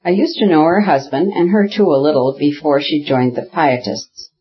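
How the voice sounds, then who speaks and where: A man voicing an older, courteous aristocratic father with a dry, gently ironic manner and a husky voice. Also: on the high side, lively intonation, moderate pace, close to an everyday voice. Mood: wry. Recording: dull lo-fi audiobook recording.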